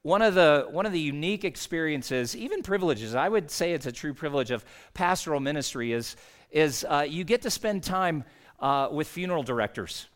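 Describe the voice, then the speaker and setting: A man's voice: fairly high pitch, expressive, brisk. A man, a pastor, preaching a sermon in an earnest, conversational storytelling way.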